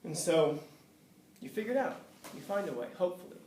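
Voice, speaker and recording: Male prof telling a story to class, candid and loose, a bit high, echoey room, mic far off. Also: sing-song, normal speed, darkish tone. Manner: candid and conversational, with swearing and chuckles. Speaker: college professor. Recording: roomy, distant, faint background hiss.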